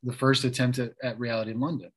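Male guest, 30s, mid-pitched, loose chatty storyteller with frequent fillers and restarts. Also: little pitch movement, fast, slightly rough, rough recording. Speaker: interview guest. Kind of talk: casual storytelling.

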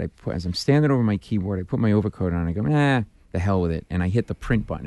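A man's voice: low-pitched, creaky, no echo. A man from Providence, a guest comedian telling stories in a studio interview and acting out the dialogue as he goes. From Providence, Rhode Island. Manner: animated, punchline-driven storyteller who acts out dialogue. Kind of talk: storytelling in a casual interview.

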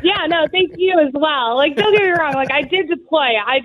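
A woman's voice: high-pitched, moderate pace. A woman guest telling service stories in a casual, laughing way, full of "like" and "um". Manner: chatty, laughs often, fillers like "like" and "um". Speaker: guest, Army veteran. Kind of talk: casual interview storytelling. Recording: tinny phone-like line.

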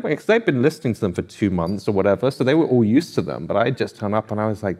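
A man on a festival panel, telling anecdotes in a chatty, animated way and acting out what people said. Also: lowish voice, fast, hardly any pauses, husky. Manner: animated storyteller, lots of "I was like" quotes. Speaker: author on a panel.

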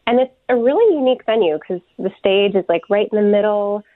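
A woman's voice: mid-range voice, lively intonation, a little fast, dry recording. A woman musician, a guest on a phone interview, talking reflectively with many ums. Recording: tinny phone line, dry.

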